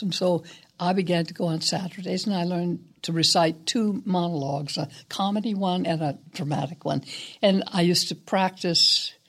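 An older woman, a guest actress, telling stories in an interview in a reflective, unhurried, somewhat hesitant way. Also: fairly low pitch, husky. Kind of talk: interview storytelling.

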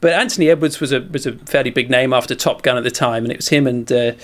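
A man's voice: medium pitch, quick pace. A man from Britain, a sports journalist, telling a rambling, self-deprecating story in casual chat.

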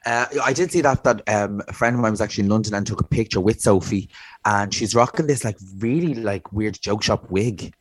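A man with an Irish accent co-hosting a casual gossip podcast, camp and animated, jumping high when he mimics others. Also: fairly quick, husky, no room sound. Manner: camp, animated, loud high-pitched mock quotes. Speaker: podcast co-host.

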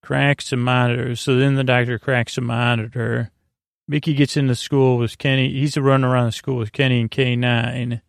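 A man hosting a sleepy bedtime podcast, retelling a story in a halting, rambling way with many fillers and restarts. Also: vocal fry, dry recording, studio quality. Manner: low-key monotone retelling. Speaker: podcast host. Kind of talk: sleepy bedtime episode recap.

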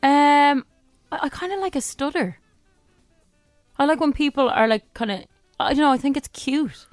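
A woman co-hosting a radio show, speaking in a husky, somewhat hoarse voice, frank and self-deprecating. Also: sits high, moderate pace, no room sound, soft background music. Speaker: radio co-host. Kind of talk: casual radio chat.

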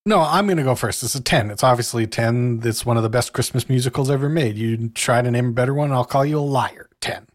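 A playful man co-hosting a casual podcast, teasing his friends and tossing in crude jokes. His voice has a middle pitch and a dry, close sound with no room around it. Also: fast talker, few pauses, no room sound. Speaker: podcast co-host. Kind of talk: casual chat.

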